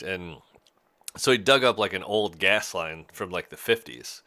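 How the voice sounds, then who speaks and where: A podcast host with a deep, sharp-toned voice tells stories in a rambling, laid-back style at a normal speed, keeping things to casual storytelling chat.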